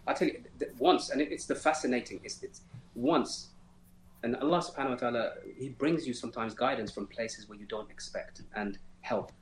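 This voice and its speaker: A man's voice: mid-range voice, a little fast, a little hiss or hum. A man answering interview questions in an earnest, emphatic way, often restarting sentences and adding devout phrases. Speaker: interview guest, former detainee. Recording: roomy echo.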